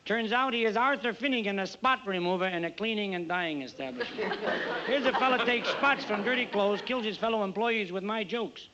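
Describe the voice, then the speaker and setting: An actor playing a nightclub entertainer who tells stand-up stories on stage, with brisk delivery and mock-modest asides to the audience. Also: male voice, high voice, heavy background noise, lightly acted. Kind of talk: stand-up comedy routine on stage. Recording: dull old TV soundtrack with loud music.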